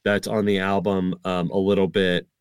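A man's voice: sits low, smooth, dry recording. A man in his thirties, a stand-up comedian, chatting casually and acting out his jokes. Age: 30s. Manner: animated, acts out jokes with quick asides. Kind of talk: casual chat about comedy bits.

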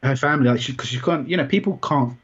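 A man recounting a personal experience in an interview, rambling and halting with many restarts. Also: mid-range voice, a bit bright, breathy edge. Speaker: interview guest. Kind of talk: personal story in conversation. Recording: dull, muffled sound.

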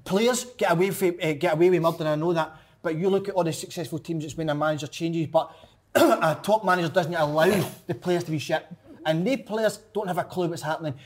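A Scottish man with a fairly high voice rants in a lively, half-joking way, laughing as he goes. He talks casually, the way people talk football with friends. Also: a little fast. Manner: animated, ranting, laughing. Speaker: podcast guest pundit.

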